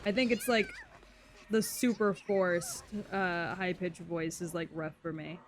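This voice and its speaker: A woman streamer chatting casually and frankly while she plays, swearing freely and musing aloud in a fairly deep voice. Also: fairly even intonation, unhurried. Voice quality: deep for a woman, by her own account. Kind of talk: casual chat while gaming. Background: faint game music.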